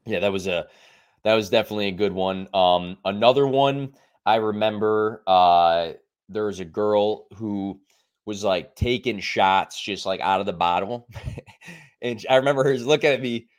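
A man's voice: on the low side, moderate pace. A man telling party stories in a chatty, easygoing way. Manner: animated storyteller, acts out quoted lines. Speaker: podcast co-host. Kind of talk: casual storytelling chat.

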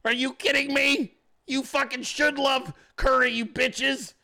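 High, gravelly profane ranting man. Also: level tone, measured pace, sharp tone. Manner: profane, mocking, heckling. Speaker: podcast host. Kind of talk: casual profane rant.

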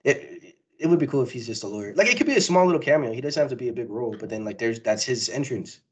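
A man co-hosting a casual pop-culture podcast, talking excitedly and rambling with frequent laughs. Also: medium pitch, rapid-fire, breathy edge, rough recording. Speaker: podcast co-host. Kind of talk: casual chat.

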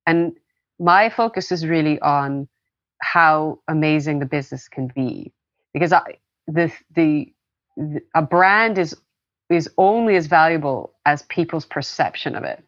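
A woman's voice: low voice, unhurried, no echo, muffled recording. A woman, co-founder of a company, talking earnestly and with feeling in an interview, often repeating words as she starts a thought. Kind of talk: interview conversation.

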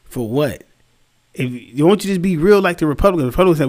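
A man's voice: fairly high pitch, expressive, fast talker, darkish tone. A young man, tired, talking bluntly and casually in a rambling, slangy opinion monologue, swearing freely. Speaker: solo commentary host.

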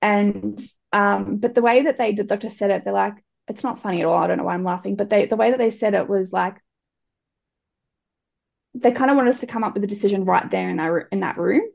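A young adult woman speaks with a gravelly, fry-edged voice, frank and candid as she tells her story to an interviewer. She often restarts her sentences. The recording sounds dull and lo-fi. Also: medium pitch, brisk, a little mellow. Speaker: guest speaker.

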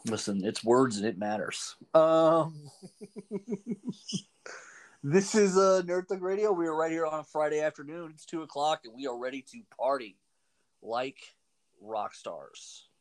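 A man's voice: fairly high pitch, unhurried, long pauses. A man hosting a radio show, joking around in a casual, playful way. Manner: jokey, playful, lively delivery.

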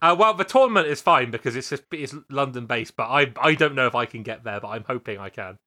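A man's voice: medium pitch, animated, fast talker, bright, forceful tone. A man co-hosting a podcast, chatting casually and laughing easily. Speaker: podcast co-host.

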